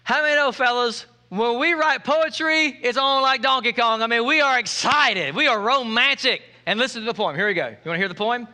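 High, bright-voiced joking preacher man. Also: quick pace, hardly any pauses. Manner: playful, joking preacher who calls for audience responses. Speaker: pastor. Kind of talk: sermon.

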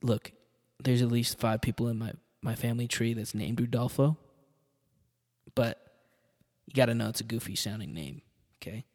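A man's voice: medium pitch, moderate pace, a little mellow, in a large hall. A man hosting a solo podcast, rambling casually and swearing a lot. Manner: rambling, profane, with laughs. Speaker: podcast host.

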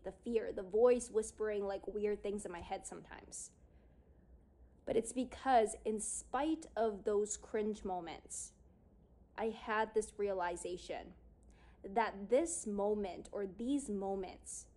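A woman's voice: mid-range voice, a little mellow. A woman telling a personal story to her audience in a casual way, using lots of fillers and acting out what she and others said. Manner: casual, lots of "like", acts out her own past lines. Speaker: speaker on confidence and yoga.

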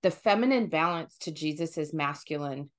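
Animated lowish-voiced woman podcast host. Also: normal speed. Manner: animated, thinks aloud with fillers and restarts. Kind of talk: casual conversational podcast.

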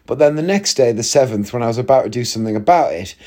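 A man's voice: medium pitch, animated, fast talker, darkish tone. A man, telling a long story in a chatty, rambling way with wry asides. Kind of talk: casual storytelling monologue.

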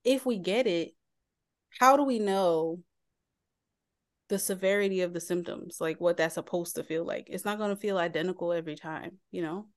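A woman in her late thirties with a Philadelphia accent, co-hosting a casual podcast and telling stories in an animated way, often laughing. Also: lowish voice, normal speed. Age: 30s. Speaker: podcast co-host. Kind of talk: casual chat.

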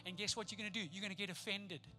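Playful high-voiced preacher acting out scenes. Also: male voice, very fast, soft background music. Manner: animated, playful, acts out the people in the story. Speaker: pastor. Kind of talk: sermon.

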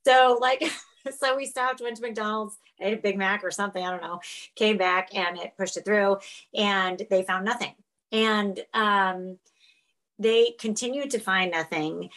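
Animated woman telling her story on a call. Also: medium pitch, measured pace, poor audio. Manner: animated, laughs often, acts out quotes. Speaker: podcast guest, fitness instructor. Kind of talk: casual interview storytelling. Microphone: video call.

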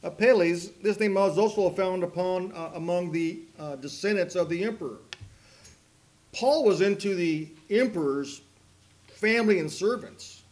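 A man preaching a sermon, mixing folksy rambling stories with slow, emphatic preaching. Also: high voice. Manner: folksy, rambling storytelling with asides and laughs. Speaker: pastor.

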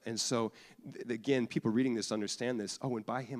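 Pastor, thirties, male, chatty sermon with restarts and jokes, mid-pitched voice, long reverb of a church hall. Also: steady tone, fairly quick, a little mellow. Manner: conversational, jokey, repeats and restarts often. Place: church sanctuary.

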